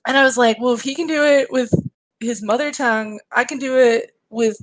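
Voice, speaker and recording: A woman's voice: a little high, brisk, dry recording, poor audio. A young woman game developer talking casually in a panel chat, chatty with lots of fillers and laughter. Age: young adult.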